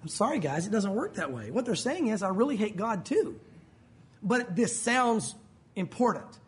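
Man, pastor, sermon, animated pitch, chatty preaching, acted-out quotes. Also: normal speed, a little hiss or hum. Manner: conversational preaching, acts out quoted voices.

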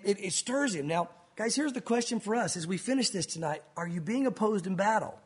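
A man preaching a sermon in an animated way, acting out scenes and speaking directly to his congregation. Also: high-pitched, brisk, breathy edge. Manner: animated, acts out bible scenes with sound effects. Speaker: pastor.

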